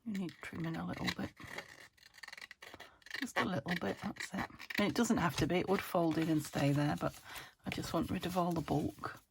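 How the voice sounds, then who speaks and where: A woman from the UK hosting a casual craft tutorial, chatty and self-chiding as she thinks aloud while working, her voice still slightly croaky. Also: fairly low pitch, normal speed, noisy background. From United Kingdom. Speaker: crafting channel host.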